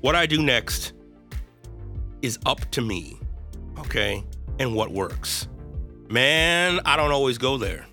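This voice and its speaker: A man hosts a podcast and speaks candidly, almost confessionally, about his inner struggles. His voice is bright and forward at an ordinary middle pitch. He keeps it loose and conversational, full of "y'all", "yo" and "right?". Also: animated, slow pace, pauses often, soft background music. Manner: earnest and self-deprecating, with loose slang and frequent "right?" and "y'all". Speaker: podcast host.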